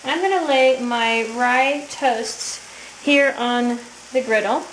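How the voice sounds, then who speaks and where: This home cook speaks slowly in a fairly high voice, cheerfully chatting her way through a kitchen demonstration. The room echoes, she's heard from a distance, and frying crackles loudly.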